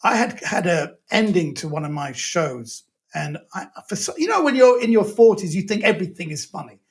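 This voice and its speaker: A male comedian telling a long, self-mocking anecdote as a guest, in a lively, rambling way. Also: sits high, fairly quick.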